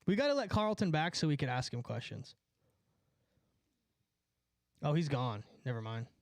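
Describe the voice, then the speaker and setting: A young man from California rambles through a story in a casual, profane chat, laughing at his own lines. His voice sits a little high for a man. The sound is dry and close, with no room echo. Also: big pitch swings, moderate pace. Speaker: streamer.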